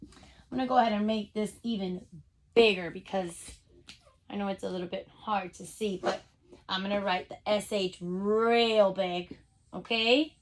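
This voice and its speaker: A woman teacher giving a phonics lesson to young children over a video call, sounding out letters slowly and cheering them on. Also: mid-range voice, fairly even intonation. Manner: upbeat, encouraging, speaks straight to the kids.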